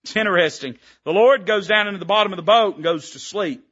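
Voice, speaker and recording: A man's voice: high-pitched, fast, a bit bright, husky, dull audio. A man preaching a sermon from the pulpit, speaking in an emphatic, rising-and-falling preaching cadence. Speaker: pastor. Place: church sanctuary.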